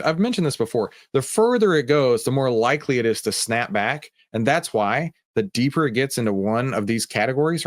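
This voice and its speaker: Male stream host, casual and joking, talks to chat as he trades. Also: medium pitch. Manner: chatty, jokey, talks to chat viewers. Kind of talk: casual live trading commentary.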